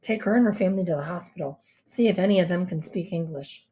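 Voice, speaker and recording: A woman voicing a gruff, brusque male ambulance worker who gives low, clipped orders. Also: fast talker, mellow, lightly acted.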